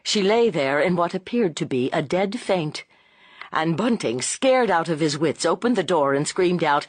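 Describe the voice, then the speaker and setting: A woman narrating a classic novel as an audiobook, in a measured, expressive storytelling voice. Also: lowish voice, dry recording. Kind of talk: scripted narration.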